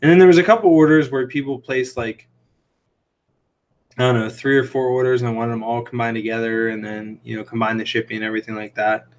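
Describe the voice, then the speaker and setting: A man with a mid-range, fast voice that shows little pitch movement hosts a casual livestream from a home room lined with fish tanks. He also sells aquarium shrimp, and he's chatty, telling anecdotes in a rambling way full of "like" and "um".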